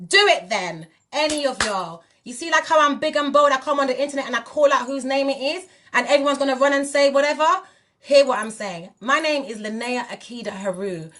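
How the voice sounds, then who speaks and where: A woman's voice: fairly high pitch, a bit bright. A woman in her forties from England, with a British accent that slips into Jamaican patois, delivering an impassioned, defiant rant on a livestream with emphatic repetition. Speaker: singer speaking on a livestream. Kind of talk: impassioned live video rant.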